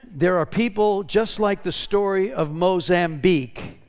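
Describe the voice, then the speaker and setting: A man's voice: sits high, measured pace, clear, resonant tone. A pastor talking casually to his congregation, drawing out testimonies and often checking in with "right?". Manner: conversational, tag questions.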